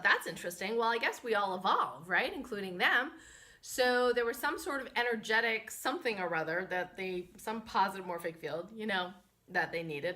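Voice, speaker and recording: A woman hosting a spiritual medicine vlog, telling a story in an animated, chatty way with many fillers, talking to a camera she holds herself. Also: mid-range voice. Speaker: host and spiritual medicine practitioner. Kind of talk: casual storytelling.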